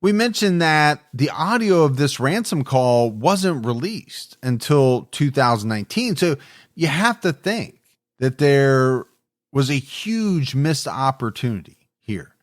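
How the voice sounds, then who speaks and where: A man narrating a true crime podcast in a measured, reflective way. His voice sits in an ordinary middle pitch. The recording is dry and close, with no room sound. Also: sing-song, no room sound. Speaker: podcast co-host.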